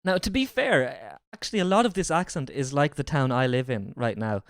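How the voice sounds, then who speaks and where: A streamer talks on a livestream in a rambling, jokey, often crude way. The voice bounces lively up and down, and it sounds dry and close. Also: medium pitch, moderate pace, no room sound. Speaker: livestream host. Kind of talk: casual streaming chat.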